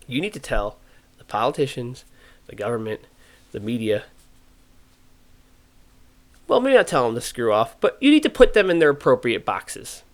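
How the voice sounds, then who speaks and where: A man hosting a podcast, talking in an animated, ranting way and acting out the voices he quotes. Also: a little high. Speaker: podcast host. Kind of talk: casual podcast opinion talk.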